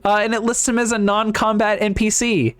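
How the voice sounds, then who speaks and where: A man's voice: sits high, flat delivery, fairly quick, fairly bright tone, clean tone. Hesitant, laughing male book podcaster. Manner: hesitant, many ums, laughs often. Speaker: podcast co-host. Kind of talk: casual book discussion, reading passages aloud.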